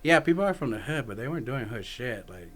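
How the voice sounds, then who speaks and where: A man's voice: medium pitch, very animated, quick pace. Laid-back man who swears and laughs. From Texas. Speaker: podcast guest. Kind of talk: casual conversation.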